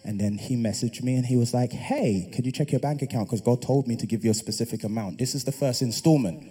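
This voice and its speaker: A young adult man preaching, telling a personal testimony in an animated way that builds to loud, impassioned preaching. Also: mid-range voice, quick pace, breathy edge.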